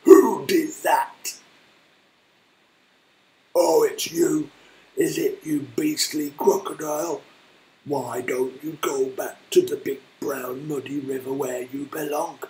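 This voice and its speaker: A man's voice: fairly high pitch, steady tone, slow pace, pitched above the performer's own voice, poor audio. A man doing a big, scolding storybook elephant. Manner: loud, scolding. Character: big, cross male elephant.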